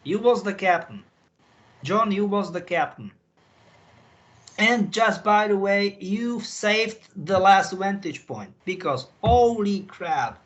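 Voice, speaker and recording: A man's voice: high voice, animated, slow pace, fairly bright tone, highs cut off. A man in an emotional call chat, repeating himself and apologizing, with non-native phrasing. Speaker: insider guest recounting missions.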